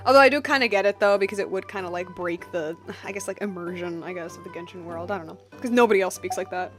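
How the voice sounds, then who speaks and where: A young woman streaming a video game, chatting casually, excitable and giggly, with lots of restarts and "like"s. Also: mid-range voice, fast, hardly any pauses, faint music behind. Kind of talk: casual game livestream commentary.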